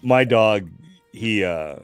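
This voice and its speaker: A man's voice: fairly low pitch, lively intonation, takes it slowly, smooth, dry recording, faint music behind. A man co-hosting a casual live-streamed chat, telling stories and chuckling at his own points. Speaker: livestream co-host.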